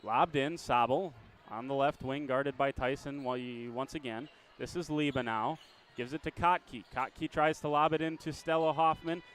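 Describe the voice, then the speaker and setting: A man calling a high school basketball game play-by-play, chatty and quick to correct himself with a small laugh. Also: a bit bright, slight background noise. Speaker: play-by-play announcer.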